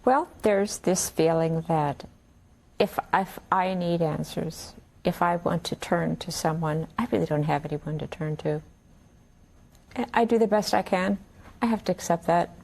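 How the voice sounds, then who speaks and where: A woman reflects quietly in an interview, pausing as she searches for words. Her voice is low with a creaky, gravelly edge. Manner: reflective, hesitant, slow to find words.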